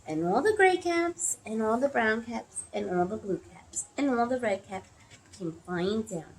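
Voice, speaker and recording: Brief: woman storyteller for kids, slow and animated, pitch swooping all over. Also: slight background noise, poor audio. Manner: expressive, gasping at story moments. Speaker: storyteller for children. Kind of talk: reading a picture book aloud.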